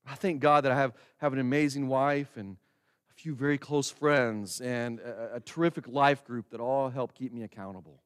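A man preaching as a pastor, talking casually to the congregation and slowing to stress words when he recites a prayer. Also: medium pitch, steady tone, clean tone. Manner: conversational, with slow emphatic prayer recitation. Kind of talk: sermon. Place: church sanctuary. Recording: long hall reverb.

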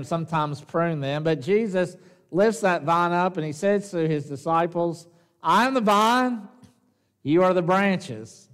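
A slightly higher-voiced man with a Southern US twang delivers a sermon in a folksy, chatty manner. He tosses in joking asides, then slows down to stress key phrases. The sound rings with the long reverb of a church sanctuary. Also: clear, resonant tone. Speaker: pastor.

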